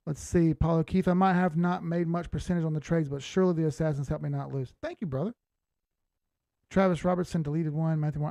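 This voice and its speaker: Gravelly blunt crypto streamer man. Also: fairly high pitch, warm tone, dry recording. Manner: blunt, swears freely, laughs often. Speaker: crypto chart analyst hosting a live stream. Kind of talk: casual live-stream chat reading viewer comments.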